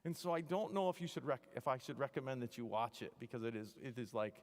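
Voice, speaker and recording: A man, an engineering professor, giving a joking, animated devotional talk to students, full of wry asides. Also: medium pitch, fast, hardly any pauses. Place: chapel hall. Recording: long hall reverb.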